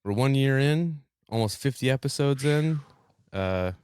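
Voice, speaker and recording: A man's voice: medium pitch, lively intonation, a little slow, darkish tone, clear, resonant tone, no echo, studio quality. A young man hosting a casual podcast, laid-back, swearing freely and laughing often. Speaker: podcast host.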